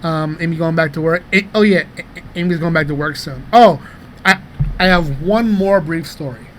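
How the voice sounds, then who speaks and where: A man's voice: a little high, moderate pace. Thirties guy on a comedy podcast, rambly swearing stories, bit of hiss in the back. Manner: rambling, profane, animated anecdotes. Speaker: podcast co-host. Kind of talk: casual comedic storytelling.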